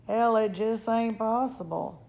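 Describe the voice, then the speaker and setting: A woman doing a gruff drawling cowboy. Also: fairly high pitch, pitched above the performer's own voice. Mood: bewildered. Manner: slow, drawling, loud exclamations. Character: tiny gruff male cowboy, wary and bewildered.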